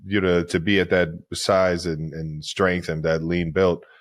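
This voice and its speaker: A man's voice: low voice, level tone, unhurried. A man co-hosting a podcast interview, laid-back and enthusiastic, asking questions casually. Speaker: podcast co-host.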